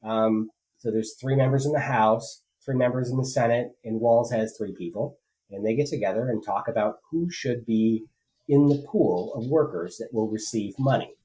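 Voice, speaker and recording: A man's voice: medium pitch, moderate pace, mellow, low-quality recording. A man co-hosting a political podcast, talking casually and rambling with many fillers and restarts. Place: rural home.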